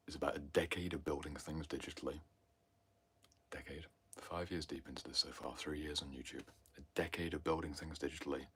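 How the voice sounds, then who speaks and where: A man hosting a livestream Q&A, talking intensely and often sinking into a breathy near-whisper, then rising to loud emphasis. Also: very deep voice. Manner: swings between loud emphasis and hushed asides. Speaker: host answering viewer questions. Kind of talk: livestream Q&A talk.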